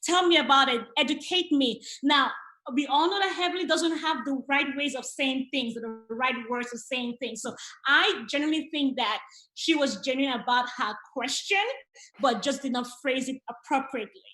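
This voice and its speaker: High-pitched lady chatting fast and animated about tv, echoey room. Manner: animated, quick, repeats words when excited. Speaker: reality TV recap panelist. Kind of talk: casual chat.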